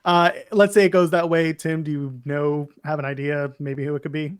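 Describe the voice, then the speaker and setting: Snarky man with a higher voice. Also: fairly even intonation, normal speed, clear, resonant tone, no room sound, clean studio sound. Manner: snarky, opinionated, rambles through lists. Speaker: podcast co-host. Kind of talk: casual wrestling chat.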